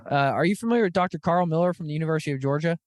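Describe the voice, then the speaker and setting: A man hosting a podcast, telling stories in an animated, casual way, full of "dude" and "like". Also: a little high, racing, no room sound, clean studio sound. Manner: animated storytelling, lots of "dude" and "like". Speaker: podcast host. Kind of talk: casual chat.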